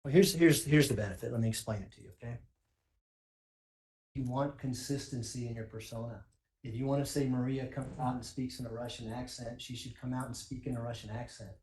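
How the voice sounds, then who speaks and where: A male prosecutor presses a witness with pointed questions. His voice sits at a middle pitch. He speaks firmly in a courtroom. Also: fairly even intonation, fairly quick, darkish tone, breathy edge. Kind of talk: courtroom cross-examination.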